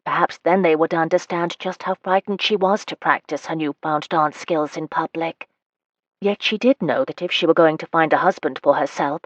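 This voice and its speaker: A woman narrating a romance novel as an audiobook, giving the characters' dialogue small lifts in pitch. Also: dry recording, muffled recording.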